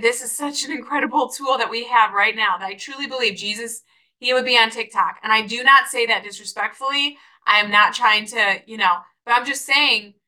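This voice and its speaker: A woman's voice: on the high side, pushed and bright, poor audio. A young adult woman hosting a podcast, talking in an enthusiastic, preachy way about faith and business, often rising to exclamations. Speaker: podcast host. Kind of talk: encouraging faith-based podcast talk.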